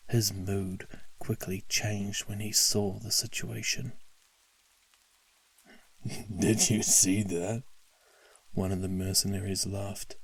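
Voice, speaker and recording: A man narrating a story at a slow, calm pace, sometimes dropping to a whisper. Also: lowish voice, creaky, breathy edge. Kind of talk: scripted story narration for sleep.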